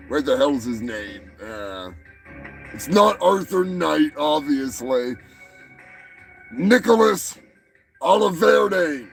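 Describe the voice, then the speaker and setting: Male host, high-pitched gravelly voice, slow, profane, rambling, faint music behind. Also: very animated, low-quality recording. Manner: profane, meandering, stumbles and repeats words. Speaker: show host. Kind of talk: rambling comedic commentary.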